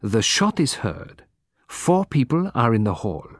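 A man's voice: mid-range voice, dry recording. Man narrating a mystery in a dry, close voice. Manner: measured, even storytelling. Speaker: audiobook narrator. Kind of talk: scripted narration.

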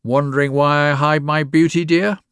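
A wheezy, leering woman with a bent back and a greedy, cunning streak, as a male reader puts her on, her voice pushed well above his own. She wheedles in a thin, high register. The sound is dry and close, with no room around it. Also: steady tone, moderate pace, a bit bright, clear, resonant tone, dry recording.

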